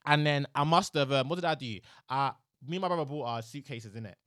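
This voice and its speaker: Fast-talking young London man. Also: mid-range voice, dry recording, clean studio sound. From Nigeria and London. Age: young adult. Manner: storytelling, animated and slangy. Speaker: podcast co-host. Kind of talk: casual chat.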